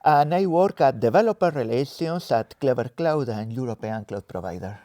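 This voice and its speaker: Brief: Spanish man, Spanish-French accent, warm mellow tone, dry close sound, easygoing guest. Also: medium pitch, moderate pace, dry recording. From Spain. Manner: relaxed, self-deprecating, searching for words. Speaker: interview guest, developer advocate. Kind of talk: casual interview answers. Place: conference venue in a cinema.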